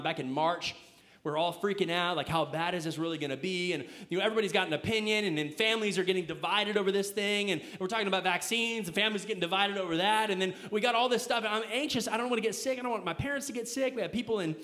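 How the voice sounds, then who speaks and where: A man's voice: sits high, fairly bright tone. A young man preaching a casual, conversational sermon, full of fillers and rhetorical questions to his listeners. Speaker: pastor.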